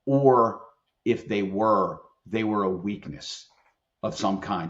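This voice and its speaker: A middle-aged employment attorney and leadership expert speaks as a guest in a conversational podcast interview, emphatic and earnest as he tells stories. His voice is lowish and unhurried, and the audio sounds dull.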